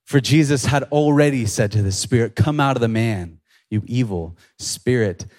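A young man giving a casual youth sermon, animated and excitable, full of slang as he retells and reads a scripture passage. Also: medium pitch, normal speed. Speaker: youth pastor.

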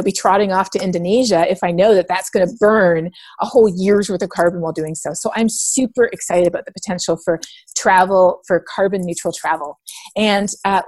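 A woman's voice: medium pitch, darkish tone, no room sound. A woman from Canada, a mother in her thirties, answering interview questions with enthusiastic storytelling and filler words. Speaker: guest.

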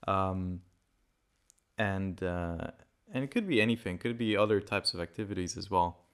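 Rambling man with a lowish voice. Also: lively intonation, moderate pace. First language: Portuguese. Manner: rambling, self-correcting, loose and conversational. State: a bit sick, dry throat. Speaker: podcast host. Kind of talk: casual solo podcast talk.

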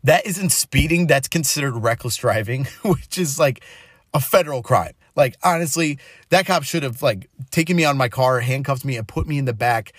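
A man's voice: mid-range voice, moderate pace, dry recording, studio quality. A man in his twenties hosting a podcast, telling a story and giving a devotional talk in a chatty way, laughing often. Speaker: podcast host.

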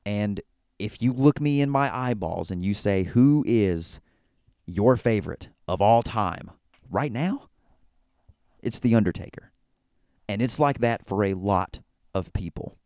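A man's voice: lowish voice, animated, a little slow, long pauses, darkish tone, clean tone, no room sound, clean studio sound. A man hosting a solo wrestling talk show, recapping an event in an enthusiastic, rambling way with frequent restarts. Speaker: wrestling podcast host. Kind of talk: casual solo commentary.

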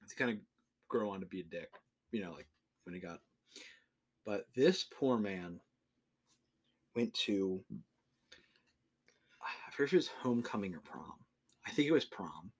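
A man's voice: sits low, lively intonation, unhurried, pauses often, slightly rough. A young man co-hosting a podcast, chatting casually and ranting with plenty of swearing. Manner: profane, ranting. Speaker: podcast co-host. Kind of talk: casual chat.

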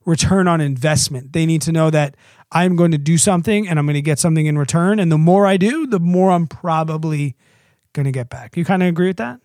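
Chatty thirties guy on a podcast, kinda high voice, dry close mic. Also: brisk, a little mellow, dry recording. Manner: chatty, acts out his toddler's lines in a squeaky voice. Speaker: podcast co-host. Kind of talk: casual podcast chat.

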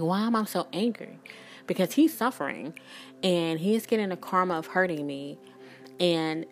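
Woman, thirties, low voice, candid spiritual vlogger; blunt, swears, rambles, faint music under. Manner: blunt, emphatic, swears freely; rambling, many restarts and "like". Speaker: spiritual reader and energy worker. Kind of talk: candid spiritual vlog talk.

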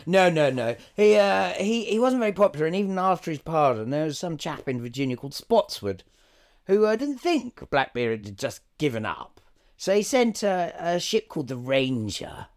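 A man co-hosting a comedy podcast, rambling through improvised chat with deadpan absurd asides and many ums. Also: fairly high pitch, normal speed.

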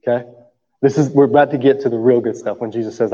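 Preacher with a mellow voice in a hall. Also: male voice, medium pitch, fairly even intonation, fast. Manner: conversational preaching with frequent "right?" check-ins. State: coughing through the talk. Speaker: pastor. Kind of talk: sermon. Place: church sanctuary. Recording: dull sound with long hall reverb.

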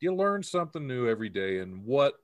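A man's voice: medium pitch, sing-song, fairly quick, no echo. A man hosting a casual comedy podcast, reading odd news stories aloud and laughing often. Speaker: podcast host.

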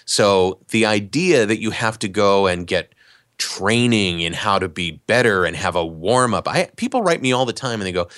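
A man, an actor and voice talent, explaining in a relaxed, conversational way during a podcast interview. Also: lowish voice, normal speed, no echo, clean studio sound. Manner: relaxed, explanatory, animated asides.

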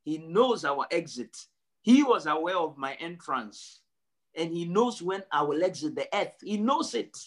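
A male pastor preaching a sermon, emphatic, repeating his phrases and swinging from low and quiet to high and loud. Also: expressive, a little slow. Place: church service.

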